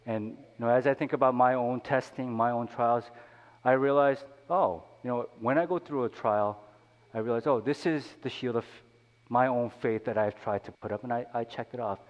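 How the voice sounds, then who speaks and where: A man's voice: medium pitch, normal speed, muffled recording. A man, a pastor, preaching a sermon in a conversational way, with many "you know" asides. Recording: long hall reverb.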